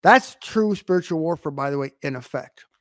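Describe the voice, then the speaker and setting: Male online preacher, fairly high voice, dry close sound, emphatic with rhetorical questions and sudden loud swells. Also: lively intonation, moderate pace, dry recording. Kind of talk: online sermon to camera.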